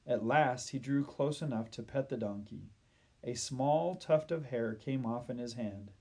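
A man narrating a children's Bible story in a gentle storytelling manner. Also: mid-range voice, a little slow, gravelly, husky.

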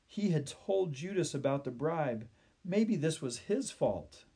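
A male storyteller reads a children's tale at a gentle, measured pace. He lets the sad moments slow and soften. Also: a little high, expressive, breathy edge. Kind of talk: children's Bible story reading.

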